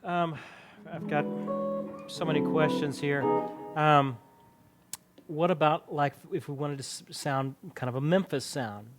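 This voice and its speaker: A man's voice: a little high, unhurried, loud music behind the voice. A man hosting an interview, asking questions hesitantly and fumbling for his words. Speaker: host.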